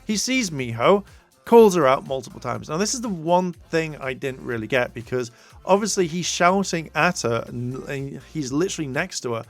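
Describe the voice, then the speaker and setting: A man's voice: on the high side, animated, moderate pace, soft background music. A man recapping a TV episode in a casual, rambling way, full of fillers and restarts. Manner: rambling, many fillers, acts out quotes. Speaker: TV show reviewer.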